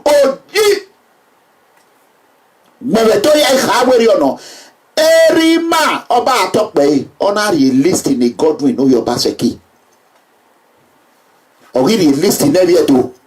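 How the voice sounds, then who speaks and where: A Nigerian man giving an emphatic public address, repeating himself and breaking into shouts. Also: sits high, sing-song, a little slow, long pauses, recorded from a distance. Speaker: political speaker.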